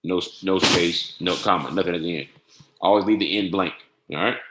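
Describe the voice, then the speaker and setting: A man giving a casual screen-share tutorial on trading software, often saying "all right" and spelling codes out slowly. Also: sits low, noisy background. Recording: echoey room.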